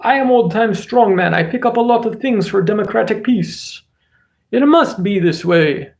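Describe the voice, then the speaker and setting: A man's voice: sits high, expressive, normal speed, gravelly, pitched above the performer's own voice. A man putting on the voice of a boastful old-time circus strongman who speaks in stiff, broken sentences.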